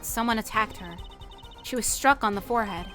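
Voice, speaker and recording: A woman's voice: fairly high pitch, brisk, a bit bright, soft background music, natural voice. A woman voicing a brusque, sarcastic young female detective in a fan game dub.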